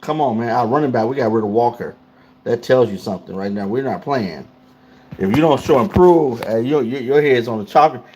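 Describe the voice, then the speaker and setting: A man's voice: medium pitch, fairly quick, darkish tone, husky. A man hosting a casual livestream, talking loosely and in slang straight to his chat. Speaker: livestream host.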